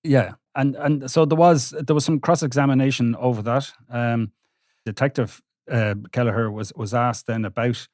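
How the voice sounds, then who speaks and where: A man, a court reporter recounting trial testimony on a podcast with halting restarts. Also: medium pitch, fairly even intonation, a little mellow, dry recording, studio quality. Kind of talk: podcast discussion.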